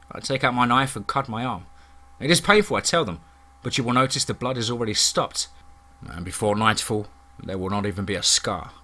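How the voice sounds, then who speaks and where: A man narrating a first-person horror story in a steady, dramatic storytelling manner. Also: mid-range voice, a little fast.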